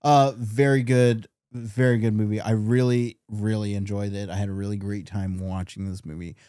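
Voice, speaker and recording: A man co-hosting a casual movie review chat, easygoing and quick to laugh, with many fillers. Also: fairly low pitch, flat delivery, mellow, clean tone, dry recording, studio quality. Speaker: podcast co-host.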